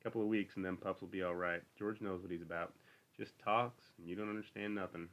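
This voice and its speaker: A man's voice: sits low, steady tone, fairly quick, a bit bright. A man reading the part of a lonely, bitter older stable hand who talks in a brooding, needling rural drawl.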